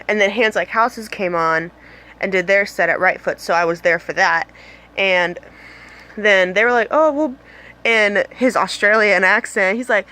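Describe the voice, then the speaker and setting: A woman's voice: mid-range voice, a bit bright. Young woman vlogger, casual storyteller, giggly and scattered, phone-recorded. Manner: bubbly, rambling, giggly, lots of "like" and "um". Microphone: phone camera.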